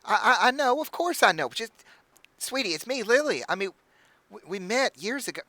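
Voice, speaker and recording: A man voicing a fussy, motherly halfling innkeeper woman who gushes and stammers in a high, flustered voice. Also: sing-song, moderate pace, sharp tone, no room sound, full character voice. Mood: reassuring.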